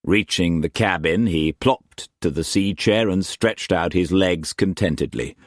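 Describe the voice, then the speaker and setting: With a deep voice, a man narrates an audiobook from a script, keeping his storytelling measured and expressive. The sound is studio quality and free of echo.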